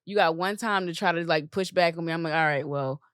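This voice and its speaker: A woman's voice: fairly low pitch, steady tone, fast talker, smooth, no echo, studio quality. A woman hosting a podcast in casual interview chat, blunt and playful. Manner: blunt, playful, laughs often. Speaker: podcast host.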